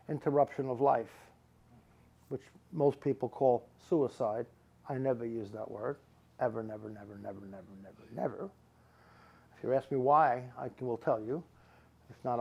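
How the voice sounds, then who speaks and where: A man's voice: medium pitch, creaky, darkish tone, dull audio. A middle-aged man, a psychic medium giving readings to a live audience, who rambles and repeats words for emphasis.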